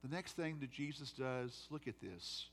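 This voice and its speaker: Bright-voiced pastor preaching in a reverberant church. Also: male voice, medium pitch, expressive, unhurried, a little hiss or hum. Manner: storytelling, swings from loud emphasis to quiet, soft delivery. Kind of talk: sermon. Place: church sanctuary.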